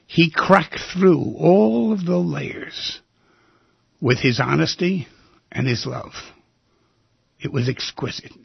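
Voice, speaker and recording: A man hosting a radio talk show from a studio, telling a personal story in an emphatic, intimate way that swings between loud and hushed. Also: fairly high pitch, slow, gravelly, pauses often, breathy edge, no room sound, dull audio.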